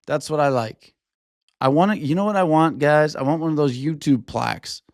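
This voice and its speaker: A man's voice: a little high, moderate pace, no room sound, studio quality. A man hosting a solo sports podcast, ranting in a blunt, fired-up, profane way. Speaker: podcast host.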